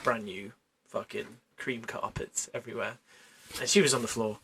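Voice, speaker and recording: A man, a paramedic, telling work stories in casual chat, animated and laughing, with the odd swear word. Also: mid-range voice, normal speed, a little hiss or hum. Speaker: paramedic guest.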